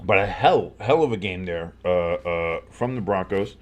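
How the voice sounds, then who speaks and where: A man's voice: sits low, animated, measured pace. A man calling football play-by-play with casual reactions, rambling through many fillers and rising sharply on big plays. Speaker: sports fan commentator.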